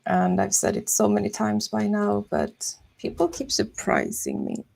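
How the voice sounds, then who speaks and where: A young woman chatting softly and musing slowly while she draws on a live stream. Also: medium pitch, wildly swooping pitch, creaky. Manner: soft-spoken, slow and musing. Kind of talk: casual chat while drawing.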